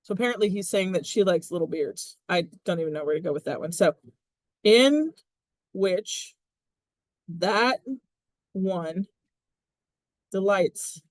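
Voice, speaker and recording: A woman teaching a Latin text in a chatty, animated way, with frequent laughs. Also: lowish voice, fast, hardly any pauses, no room sound. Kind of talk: casual classroom explanation.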